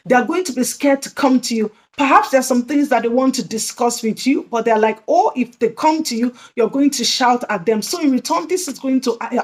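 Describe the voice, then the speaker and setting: A woman hosting an early childhood education channel, explaining teaching strategies in an earnest way that often repeats and restates her points. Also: fairly high pitch. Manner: earnest, repetitive, emphatic restatements. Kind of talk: instructional video talk.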